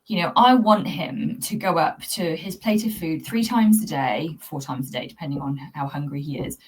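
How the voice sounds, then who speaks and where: A woman coaching pet owners in a talk-to-camera video, speaking in an earnest, reflective, gently spiritual way. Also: deep voice, lively intonation, moderate pace, slightly rough. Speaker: cat anxiety coach. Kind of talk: talking-to-camera tips video.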